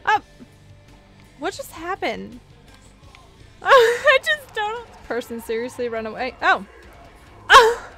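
A young woman commenting on her own gameplay, giggling, squealing and reacting excitedly. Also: very high voice, slow pace, pauses often, faint music behind. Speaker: gameplay video host.

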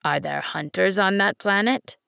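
Woman voicing a wise, gravelly fox. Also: medium pitch, pushed and bright, no room sound, clean studio sound. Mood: explaining. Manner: earnest, measured and pleading. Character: wise, patient male fox. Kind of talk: audiobook reading.

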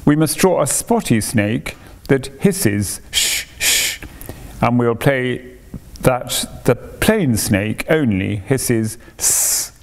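A man's voice: medium pitch, expressive, slow, vocal fry. A man voicing a cheerful, playful cave-dwelling father in a storybook reading, teasing and patient.

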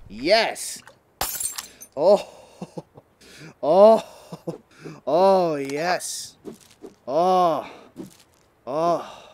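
A man playing a VR game at home, giving casual, excitable commentary through a headset microphone. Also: on the high side, very slow, long pauses, noisy background. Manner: excitable, exclaiming, joking. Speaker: gaming video creator.

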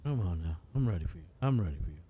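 Excitable streamer guy, lively voice. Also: deep voice, very fast, slight background noise. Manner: excitable, swears, keeps saying "dude". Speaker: live streamer. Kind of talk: casual gaming live stream chat.

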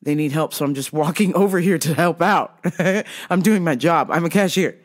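A woman voicing a sweet, timid female cashier who stammers and speaks softly. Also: low voice, normal speed. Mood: flustered. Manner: hesitant, soft, stammering.

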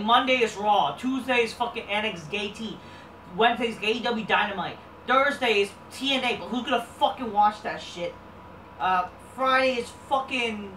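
A woman's voice: medium pitch, a bit bright. A woman hosting a wrestling review show, ranting casually with lots of swearing and rambling fillers. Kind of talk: casual profane rant. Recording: roomy, distant mic, faint background noise.

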